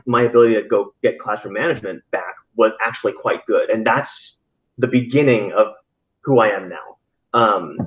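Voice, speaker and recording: A man who works as a teacher, chatting casually and telling rambling stories with many restarts. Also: fairly low pitch. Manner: rambling storyteller with frequent restarts and laughs. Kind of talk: casual podcast conversation. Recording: slightly dull, lo-fi audio.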